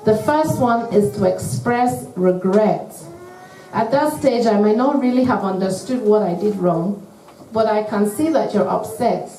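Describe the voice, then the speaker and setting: A woman giving an earnest, measured talk to couples at a church, acting out sample phrases as she teaches. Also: mid-range voice, mellow, slight background noise. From United Kingdom. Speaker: church marriage speaker. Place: church hall. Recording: echoey hall, mic at a distance.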